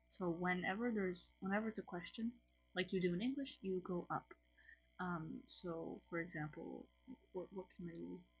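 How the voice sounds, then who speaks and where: On her own channel, a language teacher with a French accent, sounding tired, teaches a casual lesson to camera from a home room lit with colored lights. Her voice is lowish and the recording muffled. She chats, apologizes, and frequently starts her sentences over.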